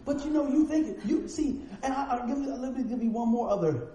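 A male preacher delivering a storytelling sermon, animated and acting out the people in his stories, in a church sanctuary. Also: extremely high pitch, fairly quick. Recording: roomy echoing sound with faint noise.

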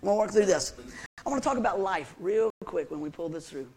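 A man preaching a sermon to his congregation in a folksy, animated way, with lots of questions to the listeners. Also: high voice, fast talker, a little hiss or hum. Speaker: pastor.

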